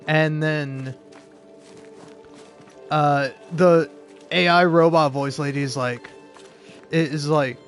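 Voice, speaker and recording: Profane, rambling gamer guy, slightly high. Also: steady tone, takes it slowly, pauses often, faint music behind. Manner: rambling, profane, laughs often; exaggerated mock outrage. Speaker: gaming video creator. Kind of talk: casual gameplay commentary.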